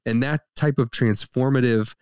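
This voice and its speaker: A man's voice: mid-range voice, normal speed, a little mellow, smooth, dry recording, studio quality. A young man co-hosting a casual film review podcast, joking and playful as he talks.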